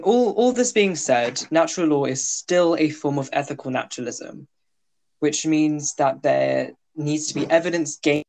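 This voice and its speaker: A man's voice: medium pitch, creaky, darkish tone. A young man co-hosting a casual ethics discussion, joking lightly and using fillers as he explains.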